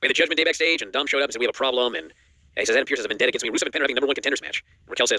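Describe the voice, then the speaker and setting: Guy rattling off a wrestling recap super fast, bright sharp voice, dry close sound. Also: medium pitch, dry recording. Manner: rapid animated recap, acts out quotes. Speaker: wrestling news co-host. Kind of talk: casual recap chat.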